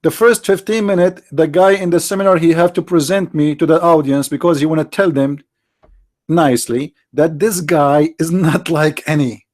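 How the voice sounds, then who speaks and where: On an unscripted live call-in challenge, the male host talks bluntly and with mockery, using broken grammar. His voice is fairly high and darkish, moving at a normal pace.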